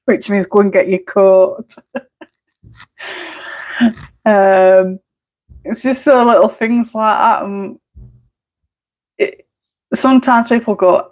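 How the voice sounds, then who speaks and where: A woman's voice: medium pitch, steady tone, slow, pauses often, darkish tone, low-quality recording. A chatty woman with a broad Barnsley Yorkshire accent talks casually to her live-stream viewers from home. She is blunt and down to earth, drops in mild swearing, and laughs easily. Her voice sits in a mid range. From Barnsley, England. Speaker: colouring livestreamer.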